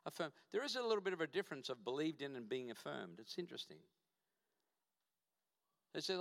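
A high, bright-voiced man preaches with punchy, repeated phrases. His voice carries through a reverberant church hall. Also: lively intonation, a little fast, gravelly. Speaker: guest pastor. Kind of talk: sermon.

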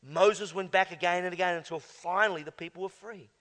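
High-voiced emphatic male preacher. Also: steady tone, fairly quick. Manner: emphatic preaching, swinging from hushed to loud exclamations. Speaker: pastor. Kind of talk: sermon. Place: church. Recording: long church hall reverb.

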